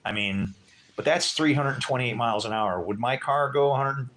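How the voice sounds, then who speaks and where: A man's voice: medium pitch, moderate pace, fairly bright tone. A man chatting casually with livestream viewers from a porch at dusk, rambling and joking with frequent chuckles.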